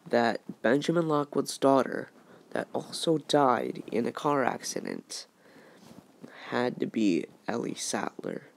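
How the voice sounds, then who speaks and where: A man in a casual video vlog, speaking in a halting way and often stopping to search for words. His voice has a gravelly, creaky edge. He sits at a middle pitch for a man. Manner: halting, many fillers and restarts. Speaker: YouTuber. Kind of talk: casual fan-theory vlog.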